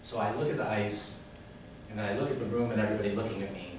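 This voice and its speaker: Animated man telling a story in a big echoey room. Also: rapid-fire. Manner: animated, acts out voices in quotes. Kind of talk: live comic storytelling. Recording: very echoey room, mic at a distance, rumbling noise.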